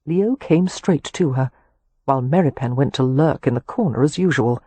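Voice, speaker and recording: Husky woman narrating an audiobook. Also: very deep voice, normal speed, dark tone, dry recording. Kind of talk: scripted narration.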